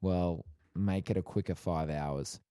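A man's voice: deep voice, steady tone, measured pace, mellow, clean tone, no room sound. A young man co-hosting a podcast, chatting casually with dry, teasing banter. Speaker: podcast co-host. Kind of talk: casual chat.

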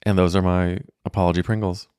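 A man in his thirties from St. Louis, hosting a solo podcast and telling a funny story in a campy, animated way, acting out the other people's lines and laughing as he goes. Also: low voice, fast talker, smooth, dry recording, clean studio sound. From St. Louis, Missouri, USA. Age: 30s. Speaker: podcast host.

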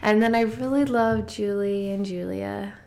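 Relaxed young woman hosting casual chat. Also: mid-range voice, measured pace, creaky. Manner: relaxed, friendly, steers the talk.

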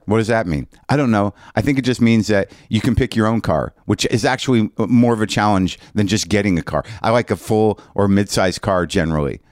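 A man's voice: lowish voice, a little fast, few pauses, no echo. Dry-voiced man telling a comic story. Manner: animated, profane, self-mocking, lots of restarts. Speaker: podcast host.

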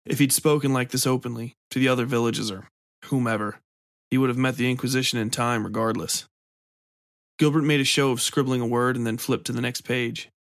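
A male storyteller reading scripted narration in a measured, even manner. His voice sits at a middling pitch and is recorded dry and close, with no room sound. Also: no echo.

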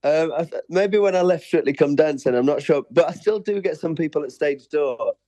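A man's voice: on the high side, expressive, a little fast, warm tone, dry recording. A man from England, a stage performer being interviewed, chatting casually and laughing easily.

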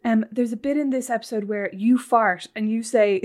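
A woman's voice: on the high side, moderate pace. Teasing woman podcaster. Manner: teasing, animated, bursts into laughter. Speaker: podcast co-host. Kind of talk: casual chat between sisters.

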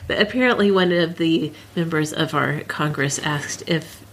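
A woman's voice: deep voice, normal speed, slightly rough. A woman hosting a casual podcast with her husband, giggly and playfully teasing. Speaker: podcast host. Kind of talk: casual chat.

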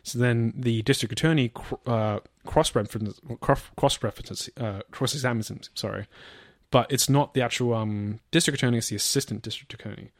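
A man's voice: medium pitch, brisk, no room sound. Rambling man telling a story, dry sound. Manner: rambling, lots of fillers, swearing, acts out quotes. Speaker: podcast co-host. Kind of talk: casual storytelling chat.

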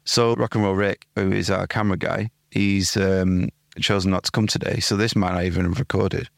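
A man's voice: sits low, steady tone, moderate pace, creaky, no echo, clean studio sound. A young man co-hosting a podcast, telling crude anecdotes with lots of swearing and doing voices of the people in his stories. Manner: swearing, laughing storyteller who mimics other people. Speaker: podcast co-host. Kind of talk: casual banter telling anecdotes. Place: home studio.

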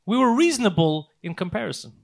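A man's voice: sits high, fast, gravelly. A man co-hosting a podcast, telling a profane story in casual chat and acting out the quotes. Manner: animated, profane, acts out quotes. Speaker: podcast co-host.

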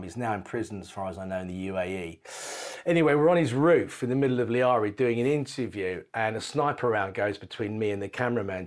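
A middle-aged man telling anecdotes as a podcast guest, lively and laughing, with casual swearing. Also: fairly low pitch. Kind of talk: anecdotal storytelling.

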